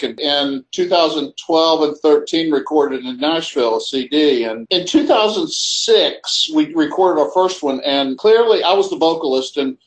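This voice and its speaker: A man's voice: fairly high pitch, poor audio. A middle-aged man, a guest, telling personal stories in a reflective, conversational way. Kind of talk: storytelling conversation.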